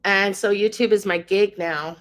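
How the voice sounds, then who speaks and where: A woman's voice: medium pitch, fairly even intonation, moderate pace. A woman in her fifties, a channel host, speaking in an emotional monologue, ranting with passion and fighting back tears. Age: 50s.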